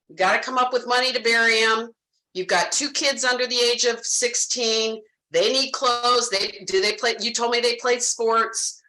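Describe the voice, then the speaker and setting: A woman's voice: fairly high pitch, sharp tone, reverberant, poor audio. A woman training insurance salespeople, speaking animatedly and directly to her audience and acting out her conversations with clients. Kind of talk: sales training talk with role-played client dialogue.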